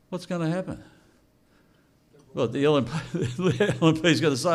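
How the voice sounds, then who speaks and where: A man's voice: fairly high pitch, fairly quick. An older man giving a blunt, unscripted speech to an audience and asking rhetorical questions. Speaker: speaker at a political launch event.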